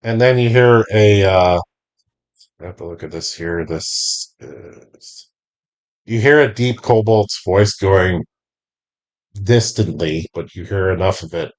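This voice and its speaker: Slow, low-voiced man narrating a game. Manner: slow, deliberate scene description. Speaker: game master.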